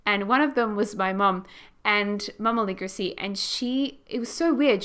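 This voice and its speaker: A woman's voice: on the high side, normal speed, a bit bright. A young Australian woman chatting casually as she narrates a house build for her channel, rambling and laughing as she goes. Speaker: gaming YouTuber.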